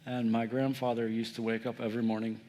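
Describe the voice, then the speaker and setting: Self-mocking preacher in a reverberant church. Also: male voice, medium pitch, fast. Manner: lively, self-mocking, addresses the congregation directly. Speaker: pastor. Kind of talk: sermon with personal storytelling. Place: church sanctuary.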